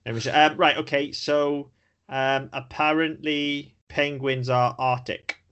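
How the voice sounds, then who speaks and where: A man's voice: fairly high pitch, flat delivery, measured pace, a bit bright, clean tone, muffled recording. A man co-hosting a casual podcast chat, rambling and sweary, with self-deprecating jokes. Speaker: podcast co-host.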